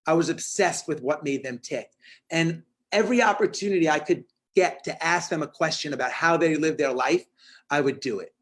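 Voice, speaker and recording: High-energy man telling a story. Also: normal speed. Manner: energetic, punchy storytelling with acted-out quotes. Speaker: motivational speaker. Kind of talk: storytelling talk on a video call.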